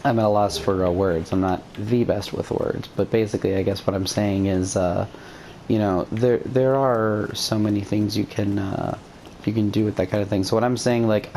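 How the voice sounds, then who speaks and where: A woman with a very deep voice giving rambling, self-deprecating let's-play commentary as she plays. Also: normal speed, warm tone, a little hiss or hum. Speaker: game streamer.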